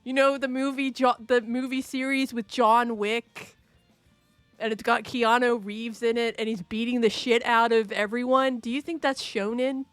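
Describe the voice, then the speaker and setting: A woman's voice: on the high side, little pitch movement, normal speed, dry recording, soft background music. A woman streaming live, chatting casually and playfully, rambling, laughing often and answering her chat.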